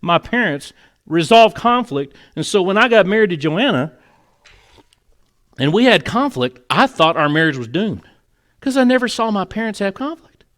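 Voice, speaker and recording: A man preaches to his congregation in an earnest, conversational way. He talks plainly and now and then grows emotional. His voice sits a little higher than most men's. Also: sing-song, normal speed, long pauses, fairly bright tone. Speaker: pastor. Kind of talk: sermon. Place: church sanctuary.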